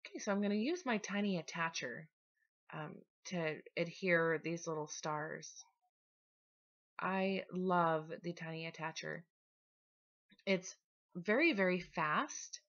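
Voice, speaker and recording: A woman talking casually through her scrapbooking process in a relaxed, chatty voice-over. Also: on the low side, highs cut off. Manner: chatty, relaxed, with small restarts. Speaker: scrapbooking vlogger.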